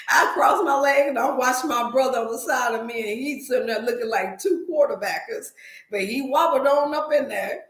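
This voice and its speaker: A woman's voice: on the high side, moderate pace, reverberant. A woman host telling a funny story in a casual livestream, laughing often and slipping into preachy asides. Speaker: wellness channel host.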